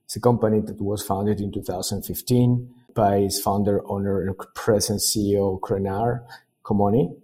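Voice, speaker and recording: Peruvian-born guest, middle-aged man, husky and mellow voice, careful halting delivery. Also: on the low side, steady tone. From Peru. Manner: measured, hesitant, with fillers and restarts. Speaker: guest, sales director. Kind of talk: casual interview chat.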